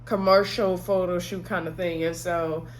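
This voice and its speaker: A woman's voice: on the low side, fairly even intonation, normal speed, a little hiss or hum. Chatty woman recapping a TV episode. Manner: chatty, with sassy exclamations and asides. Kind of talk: casual recap chat.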